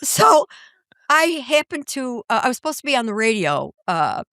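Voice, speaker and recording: An older woman, an author and comedian, telling stories as a podcast guest in an animated, comic way and acting out the voices. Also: fairly high pitch, normal speed, creaky, no room sound, studio quality. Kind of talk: storytelling in a podcast interview. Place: podcast studio.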